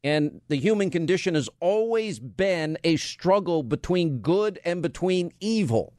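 A man's voice: high-pitched, animated, a little slow, a little mellow, no echo. A man hosting a talk radio show, firing off rhetorical questions and bantering with his studio crew. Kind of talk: conservative talk radio monologue. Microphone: studio mic.

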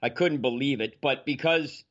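A man telling an easygoing, meandering family story in a measured way during casual conversation. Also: medium pitch, fairly bright tone. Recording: dull, muffled audio.

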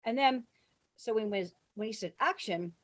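A woman casually telling a story, acting out the people she quotes, shouting their lines, laughing and swearing freely. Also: on the high side, moderate pace. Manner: animated, acts out quotes with big shouts. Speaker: guest telling stories.

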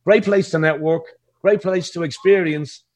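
Irish guy from a pub band, chatty and teasing, laughs a lot, kinda high voice. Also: steady tone, moderate pace. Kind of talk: casual podcast chat.

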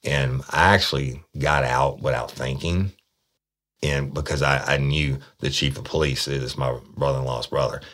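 A man's voice: very deep voice, normal speed. A man telling a true-crime story from his days as a detective, blunt and profane, acting out the people he quotes. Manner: blunt, profane, animated when quoting people. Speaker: podcast storyteller, former detective.

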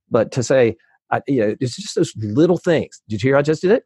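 A man chatting as a podcast guest in a rambling way, with many restarts and quick laughs. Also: mid-range voice, lively intonation, a little mellow, husky, no echo. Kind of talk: casual conversation.

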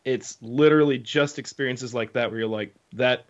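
A young man co-hosting a podcast, telling a story in a casual, animated way with lots of fillers. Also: mid-range voice, normal speed. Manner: animated storyteller, many fillers and acted quotes. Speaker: podcast co-host. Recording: slightly dull lo-fi sound.

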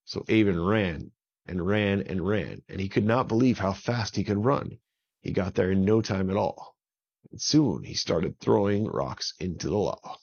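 Gravelly man telling a kids' story. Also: low-pitched, moderate pace, darkish tone. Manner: simple repeated phrases, self-corrections. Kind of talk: children's story told off the cuff. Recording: dull lo-fi recording.

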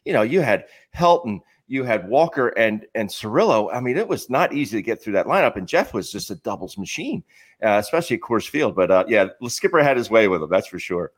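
A man's voice: fairly low pitch, very animated, brisk. A middle-aged man, a podcast guest, chatting casually and reminiscing with frequent laughter. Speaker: guest, former ballplayer. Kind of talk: casual sports podcast chat.

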